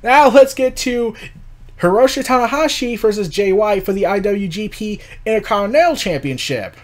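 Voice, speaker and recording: High-voiced man rambling about wrestling. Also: lively intonation, moderate pace. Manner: rambling, laughs often, swears, sarcastic. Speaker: podcast host. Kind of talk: casual commentary.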